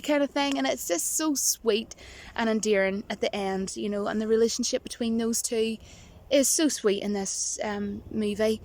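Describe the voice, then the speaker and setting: A woman's voice: medium pitch, moderate pace, a little mellow. A woman vlogger chatting casually to camera, rambling and giggling, with a touch of self-mocking nerves. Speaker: movie vlogger.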